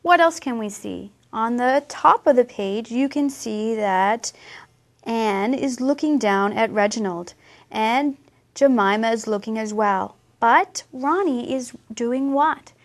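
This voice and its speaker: A woman teaching English who talks young learners through a picture book, asking them gentle questions. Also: fairly high pitch. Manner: slow, warm, questioning teacher talk.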